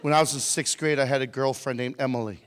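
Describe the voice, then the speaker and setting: A man's voice: mid-range voice, fast, slight background noise. A man telling a funny story to a live audience as a motivational speaker, teasing people in the crowd. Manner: animated, jokey, teases audience members. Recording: long hall reverb.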